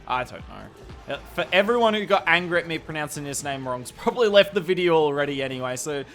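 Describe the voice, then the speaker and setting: Bright-voiced Australian man commentating gameplay. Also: on the high side, animated, fast talker, soft background music. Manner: chatty, candid, self-deprecating asides. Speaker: strategy video commentator.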